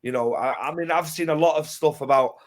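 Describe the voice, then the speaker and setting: A man chatting passionately as co-presenter, getting loud and emphatic. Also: fairly high pitch, brisk. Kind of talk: casual chat.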